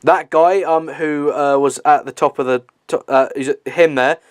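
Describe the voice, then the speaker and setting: A man's voice: on the high side, steady tone, moderate pace, no echo. A young man giving a casual movie commentary, chatty and swearing, with lots of fillers and laughs.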